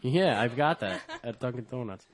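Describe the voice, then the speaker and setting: Man, podcast host, mid pitch, laid-back, joking. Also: expressive, normal speed, a crowd in the background. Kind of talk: casual chat.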